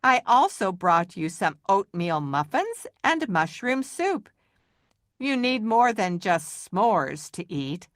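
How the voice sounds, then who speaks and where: A caring mother moose from a children's storybook, as a woman reads her aloud. She speaks calmly and kindly at an unhurried pace. The voice sounds dry and close. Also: mid-range voice, no echo. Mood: reassuring. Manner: calm and reassuring.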